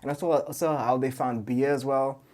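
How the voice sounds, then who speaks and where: Young dude, warm relaxed voice, rambles excitedly, swears a lot. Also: male voice, mid-range voice, moderate pace. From Cape Town, South Africa. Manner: loose, excitable storytelling with slang and swearing. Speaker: podcast guest, musician. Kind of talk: casual chat.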